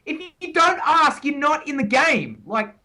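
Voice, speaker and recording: Bright, emphatic male podcast co-host. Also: very high voice, big pitch swings, unhurried, rough recording. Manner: pep-talk delivery, repeats key phrases for emphasis. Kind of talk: casual podcast chat.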